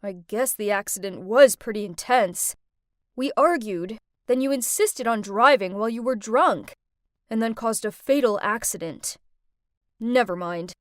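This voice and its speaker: A woman voicing a creepy young male boyfriend who sounds falsely gentle, speaking softly and coaxingly in an animated story. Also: fairly high pitch, a little slow, no room sound, studio quality, pitched below the performer's own voice, lightly acted. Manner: soft, coaxing, sugary.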